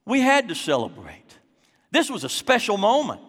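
A man preaching a sermon, dramatic and acting out scenes, slowing down for emphasis in a church hall. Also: high-pitched, wildly swooping pitch, a bit bright, husky.

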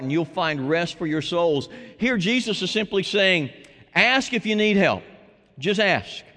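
Male pastor mid-sermon, expressive high voice with long church-hall reverb. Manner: dramatic preaching, dropping to hushed tones and rising to shouts.

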